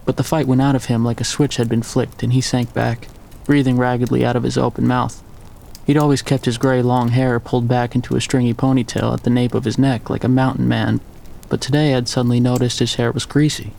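A man narrating a first-person story in a steady, measured way. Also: mid-range voice, vocal fry, slight background noise.

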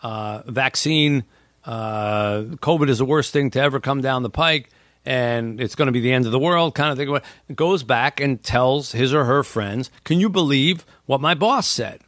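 A male host in a relaxed conversation, explaining a point at length and slipping into voices to quote people. His voice sits at a middle pitch and sounds dry and close. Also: unhurried, dry recording. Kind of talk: casual podcast chat.

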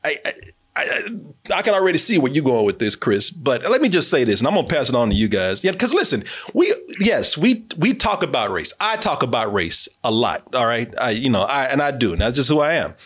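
A young man hosting a casual movie review chat, emphatic and animated, swearing and laughing often. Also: medium pitch, a little fast, slightly rough. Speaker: podcast host.

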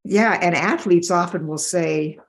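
A middle-aged woman in a podcast interview, telling stories in an animated way and acting out the voices of the people in them. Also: lowish voice, a little slow. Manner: animated, acts out voices in her anecdotes. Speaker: developmental optometrist.

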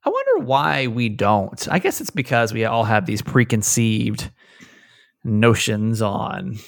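A young adult woman co-hosting a podcast in a teasing, lively way. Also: a bass voice, slow pace, vocal fry, dry recording, clean studio sound. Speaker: podcast co-host. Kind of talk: casual podcast chat.

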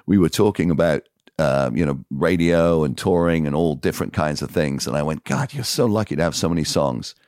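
A man's voice: extremely low pitch, animated, fairly quick, a little mellow, no room sound. A man who works as a radio DJ, telling a story as a guest in a casual interview, with some stammered restarts.

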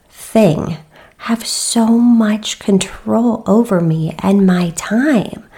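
A woman's voice: on the high side, lively intonation, slow pace, warm tone. A woman in her thirties hosting a solo podcast, talking earnestly and encouragingly, with many fillers and restarts. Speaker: podcast host. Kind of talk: reflective solo podcast talk.

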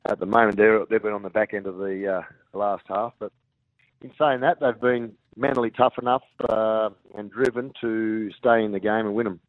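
An Australian man, a rugby league coach, talking haltingly with many fillers and restarts in a radio interview over the phone. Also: on the low side, steady tone, no room sound. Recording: tinny phone line.

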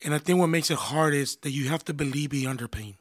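A man's voice: a little high, brisk. A man, a pastor and marriage counselor, talking earnestly in a casual conversation and often restarting his phrases.

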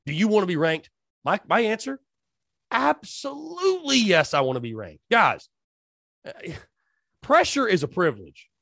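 A man hosting a solo sports podcast, talking straight to his listeners in an animated, hype-filled way. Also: on the high side, dry recording, clean studio sound. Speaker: podcast host.

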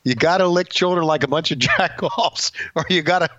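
A man co-hosting a casual wrestling chat, wry and quick to laugh along. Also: on the high side, bright, forceful tone, no echo, dull audio. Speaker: wrestling podcast co-host.

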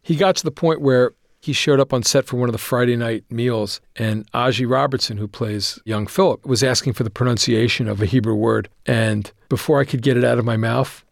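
A man, the creator of a series, talking as a guest in an interview, an animated storyteller who laughs often. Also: medium pitch, fairly quick, creaky, hardly any pauses, no echo, studio quality. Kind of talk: interview conversation.

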